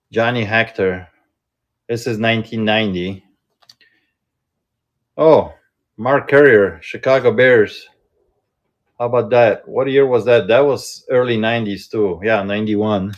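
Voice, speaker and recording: A man hosting a casual live-stream sale from inside a shop, chatting and thinking aloud in an unhurried way. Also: fairly low pitch, highs cut off. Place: indoors in a card shop.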